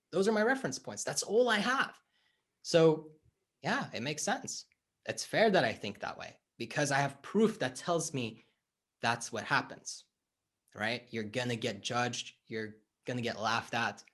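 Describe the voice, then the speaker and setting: Animated, expressive male life coach. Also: mid-range voice, unhurried. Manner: animated, acts out dialogue in stories. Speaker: life coach, interview guest. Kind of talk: conversational explanation.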